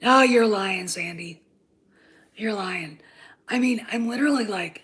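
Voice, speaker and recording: A woman in her fifties hosting her own channel, ranting about a TV show, sarcastic and profane, often dropping into a hushed whisper and pressing her points with "okay?". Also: a little high, expressive, unhurried. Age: 50s. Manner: emphatic, repeats "okay?" for emphasis. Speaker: channel host and TV critic. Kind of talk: ranting commentary.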